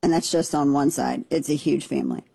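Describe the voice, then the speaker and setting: Woman with a southern missouri accent, low-pitched and husky, chatty storyteller, dry studio sound. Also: fairly quick, no room sound. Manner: chatty storyteller, animated and laughing. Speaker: talk show co-host. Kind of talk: casual chat.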